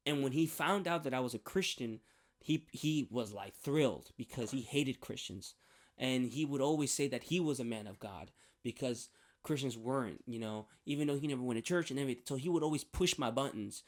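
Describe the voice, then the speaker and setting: A young man telling a personal faith story in a rambling, hesitant way, full of restarts and fillers. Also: mid-range voice. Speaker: vlogger sharing a faith testimony.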